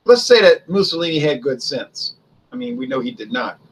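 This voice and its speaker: Male host, husky, informal history commentary, conversational with rhetorical questions. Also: a little high, big pitch swings, moderate pace, poor audio. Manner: conversational, poses and answers his own rhetorical questions. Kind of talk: casual spoken history commentary.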